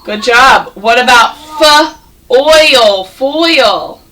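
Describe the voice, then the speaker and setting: A woman teaching a first grade class, sounding out words slowly and praising the children. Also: a little high, animated, pushed and bright, recorded from a distance, low-quality recording. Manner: slow, exaggerated sounding out of words, encouraging. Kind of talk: classroom phonics and reading lesson.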